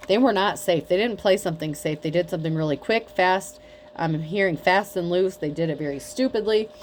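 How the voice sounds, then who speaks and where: A woman with a lowish voice giving a tarot reading in a loose, chatty way. She is blunt and mocking and swears freely, with a faint hum of room noise behind her. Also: a little fast. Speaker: tarot reader. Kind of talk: casual tarot reading to camera.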